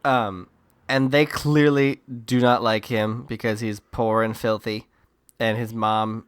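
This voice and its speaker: A man's voice: on the low side, steady tone, slow, clear, resonant tone. A man co-hosting a podcast, recapping a movie in casual chat with sarcastic asides and silly character voices. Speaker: podcast co-host.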